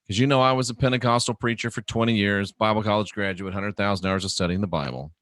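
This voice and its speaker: A man hosting his own show, ranting emphatically, swinging from a low drawl to loud indignant peaks. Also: fast talker, no room sound, clean studio sound. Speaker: host. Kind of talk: ranting monologue.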